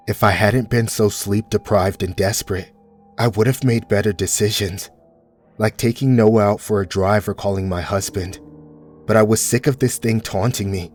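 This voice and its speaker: A man with a fairly low, husky voice reads a horror story aloud in a steady, measured way. Faint music plays underneath the scripted narration.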